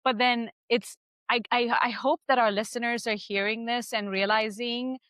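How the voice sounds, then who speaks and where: A woman's voice: on the high side, steady tone, normal speed, a bit bright, clear, resonant tone, no echo. A woman hosting a podcast interview, talking earnestly and effusively with frequent restarts and laughter. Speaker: podcast host.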